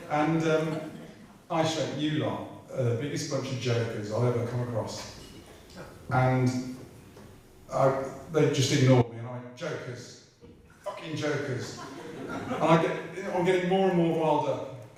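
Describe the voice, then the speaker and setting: A man's voice: fairly high pitch, darkish tone. A middle-aged British man, a racing driver guest, telling comic anecdotes at a live evening in a chatty, irreverent way that includes swearing. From Britain. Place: large room at a live talk event. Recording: echoey hall from far off.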